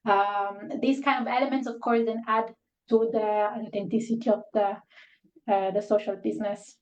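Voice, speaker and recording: A woman's voice: medium pitch, steady tone, normal speed, slight background noise. Woman host, roomy lo-fi call audio. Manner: rambling, filler-heavy, searching for words. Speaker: workshop host. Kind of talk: casual online workshop talk.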